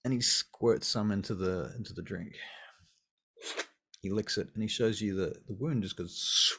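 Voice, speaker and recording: A man's voice: fairly low pitch, moderate pace, fairly bright tone. A man running a tabletop role-playing game as game master, narrating casually with restarts.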